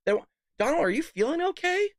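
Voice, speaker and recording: A man's voice: extremely high pitch, big pitch swings, quick pace, no echo, clean studio sound, voice pushed up, full character voice. A man putting on a mocking impression of an indignant female politician. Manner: indignant, exasperated.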